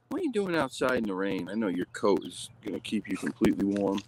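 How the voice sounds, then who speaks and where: Low-voiced man rambling outdoors. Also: very animated, fast talker, hardly any pauses, a little mellow, poor audio. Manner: rambling, upbeat. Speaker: show host. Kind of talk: casual vlog chat. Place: outdoors in the rain walking a dog. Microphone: phone.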